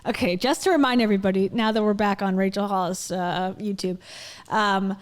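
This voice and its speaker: A woman hosting a livestream, chatting casually and with amusement as she reacts to a video. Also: mid-range voice. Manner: chatty and amused, with many fillers. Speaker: livestream host.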